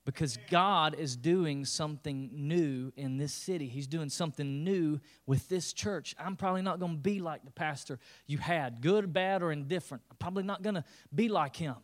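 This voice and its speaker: A man with a fairly high voice preaching as the pastor of his church. He tells the scripture story with loose, joking asides and jumps into quick character voices. The delivery is casual and animated. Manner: lively, humorous storytelling with playful character voices. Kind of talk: sermon.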